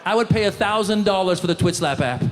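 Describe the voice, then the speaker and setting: A man doing a stand-up comedy set, animated, slipping into loud impressions of the people in his jokes. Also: sits high, fast, a little hiss or hum. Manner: animated, jumps into shouted impressions. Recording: live show in a large hall.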